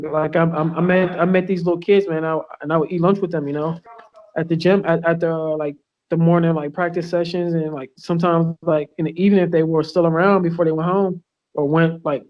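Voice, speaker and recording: A man's voice: a little high, lo-fi sound. A man, a professional fighter, talking casually in an interview, rambling with lots of fillers, restarts and profanity. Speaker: UFC fighter guest. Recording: online call with lag.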